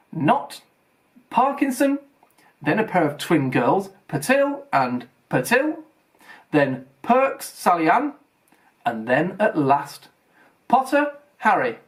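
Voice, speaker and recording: Lively man reading a storybook aloud. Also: a little high. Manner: expressive storytelling, voices for characters. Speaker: audiobook reader.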